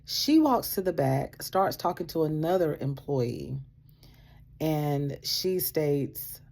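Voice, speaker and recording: A woman shares a personal story in a relaxed, conversational way. Her voice sits low and mellow with a husky edge, yet it leaps up and down with animation as she acts out the exchanges and breaks into laughter. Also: slow pace. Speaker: vlogger sharing a faith testimony. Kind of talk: casual storytelling.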